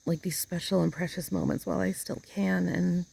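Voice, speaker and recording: A woman's voice: on the low side, fairly even intonation, a little fast, vocal fry, warm tone, breathy edge. A woman talking casually in an outdoor vlog, rambling and emotional as she hunts for the right words. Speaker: vlogger. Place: outdoors in a yard chair.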